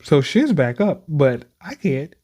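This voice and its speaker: Slow, mellow man reacting to manga. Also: fairly high pitch, very animated. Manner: reads panels aloud, frequent "says" and exclamations. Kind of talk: casual reading and reacting.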